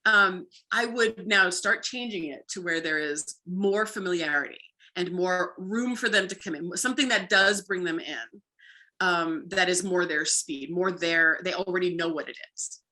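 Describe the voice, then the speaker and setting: Woman, dog trainer guest, casual chat, bright forceful tone, lively, lots of "like". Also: on the low side, moderate pace. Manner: lively, acts out playful bits with frequent "like". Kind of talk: casual conversational explaining.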